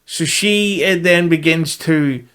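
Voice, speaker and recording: Man, podcast guest, tired, blunt, laid-back, swears, smooth clear voice, slightly high. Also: slow, a bit bright. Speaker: guest film reviewer. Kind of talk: casual film-review chat.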